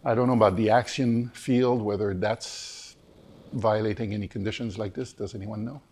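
A man lecturing on physics in a seminar discussion, hoarse and hesitant, with many fillers and restarts. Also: on the low side, steady tone, normal speed, darkish tone, a little hiss or hum. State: hoarse, losing his voice.

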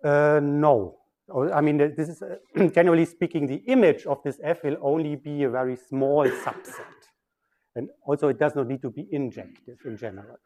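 A man's voice: fairly high pitch, normal speed, darkish tone, slight background noise. A man giving a mathematical physics lecture, explaining step by step at a board.

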